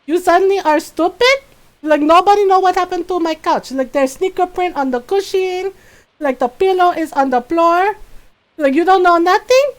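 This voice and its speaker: A woman's voice: sits high, moderate pace, close to an everyday voice. Woman mimicking a tiny stern Filipino mother. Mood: scolding. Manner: scolding, sarcastic, clipped broken English. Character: tiny, stern, fiery Filipino mother scolding her sons.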